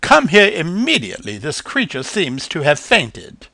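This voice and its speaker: A man's voice: on the high side, huge pitch swings, unhurried, sharp tone, no echo, voice pushed up, exaggerated voice. A man voicing a prim, haughty female bird who speaks in a proper, upper-crust way. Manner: haughty, proper British-style speech.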